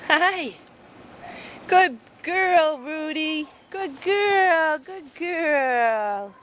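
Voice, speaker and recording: A woman coos at dogs in a high, swooping baby-talk voice, unhurried and sing-song. She coaxes and praises them while she plays. The recording is noisy, with dogs and kennel sounds behind her. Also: expressive, fairly bright tone. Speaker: kennel worker playing with dogs. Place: dog kennel play area.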